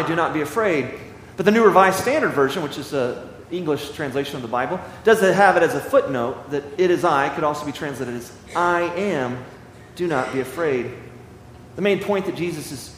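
A man preaching a sermon as pastor, reading scripture slowly and with emphasis. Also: a little high, fairly bright tone, slight background noise. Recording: echoey hall, slight ambience.

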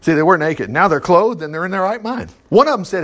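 A preacher gives a casual, folksy Bible teaching, chuckling as he reads and acting out the voices of the people in the story. His voice is high and sing-song with a fairly bright tone, and he speaks fast with few pauses.

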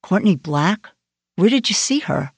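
A woman's voice: on the low side, very animated, a little slow, slightly rough, no echo, exaggerated voice. A woman narrator voicing a brusque woman FBI agent in an audiobook, in a clipped, blunt manner. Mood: probing. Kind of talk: audiobook character voice.

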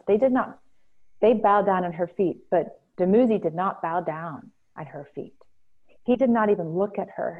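A woman telling a myth alongside her own story, reflective and slow, pausing often. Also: fairly low pitch. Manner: slow, reflective, with pauses and fillers. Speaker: speaker sharing a personal story. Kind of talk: reflective personal storytelling talk. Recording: phone-like narrow sound.

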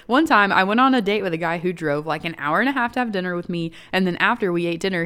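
A woman's voice: medium pitch, a bit bright. A young woman co-hosting a casual podcast, reading listener stories aloud in a chatty, giggly way. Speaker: podcast co-host.

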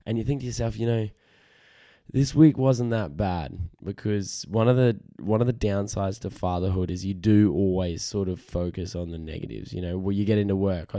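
A man's voice: sits low, dark tone, no room sound, clean studio sound. A tired man hosting a casual solo podcast, rambling, frank and self-deprecating, swearing freely. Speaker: podcast host.

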